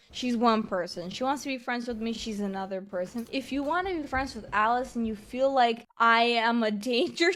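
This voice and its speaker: A woman venting indignantly about a falling-out with friends, talking rapidly with giggly asides. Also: a little high, a bit bright. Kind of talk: venting to camera.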